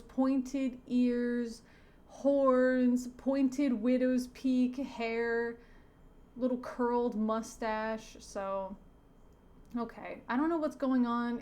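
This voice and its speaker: A woman, a teacher by trade, reading a comic aloud in casual commentary, with wry asides and sentences that wander off and trail away softly. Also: fairly high pitch. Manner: digressive, self-correcting, trails off softly. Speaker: teacher reviewing a comic on her channel.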